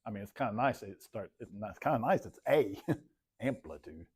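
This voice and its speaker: A man's voice: lowish voice, animated, normal speed, a little mellow, breathy edge. Man, math teacher, classroom lecture, casual, repetitive, talks to students. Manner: casual, talks to students by name and repeats himself.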